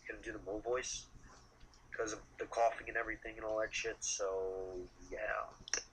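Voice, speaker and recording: A man being interviewed as a guest, talking in a rambling, halting way and swearing casually. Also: lowish voice, flat delivery, a bit bright, slight background noise, poor audio. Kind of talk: casual chat.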